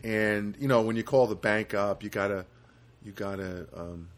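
A man's voice: fairly low pitch, fairly even intonation, normal speed. A man hosting a solo podcast, talking casually and rambling, with lots of fillers and restarts. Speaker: podcast host.

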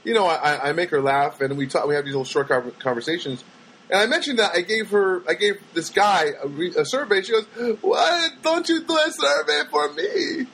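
A man's voice: on the high side, quick pace, slight background noise, rough recording. A man telling rambling everyday stories in a casual monologue, acting out the voices of people he met. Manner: rambling, animated, acts out voices of people he quotes.

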